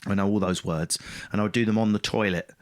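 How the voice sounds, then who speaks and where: A man with a fairly low, steady voice talks fast as a podcast guest, recounting his story. He's a stand-up comedian, blunt and self-mocking, swearing freely in casual conversation.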